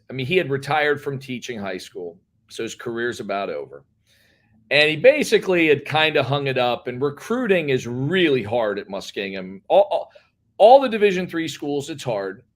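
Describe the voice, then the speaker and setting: A man, a head basketball coach, telling stories in a casual, rambling interview. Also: medium pitch. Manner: rambling, animated storyteller.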